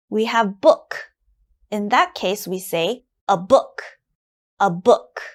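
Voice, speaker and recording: A woman teaching a basic English lesson, repeating each word slowly and carefully for learners. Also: medium pitch. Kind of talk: slow, clearly enunciated English lesson for learners.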